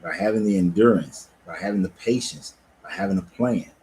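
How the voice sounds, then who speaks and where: A low-pitched man chats loosely and profanely from his cigar lounge, laid-back but animated. A faint hum of background noise sits under his voice. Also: a little fast, low-quality recording. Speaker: life coach and cigar lounge owner. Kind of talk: casual livestream talk.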